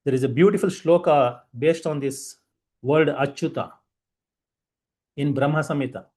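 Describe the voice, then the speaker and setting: A man giving a devotional discourse, telling stories in an animated way. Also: a little high, moderate pace. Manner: animated storytelling with Indian English phrasing. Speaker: spiritual teacher.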